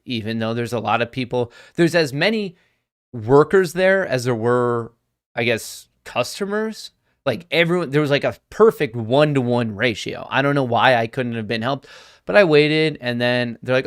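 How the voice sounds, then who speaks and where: A young man hosting a livestream, telling a story in an animated, exasperated way. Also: medium pitch, moderate pace, clean tone, no echo, studio quality. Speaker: livestream host. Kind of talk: casual storytelling to viewers.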